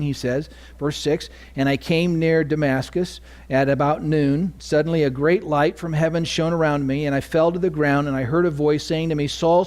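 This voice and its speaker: Animated preacher with a higher voice. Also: male voice. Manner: swings from hushed asides to loud, rising emphasis; asks the congregation questions. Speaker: pastor. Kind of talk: sermon. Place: church sanctuary.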